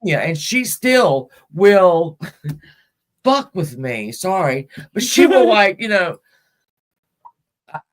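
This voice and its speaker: A woman's voice: fairly low pitch, very animated, slow, long pauses. A middle-aged woman hosts a casual talk show and tells a personal story. Her talk rambles, with restarts and side turns. She speaks frankly and swears freely. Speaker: podcast host.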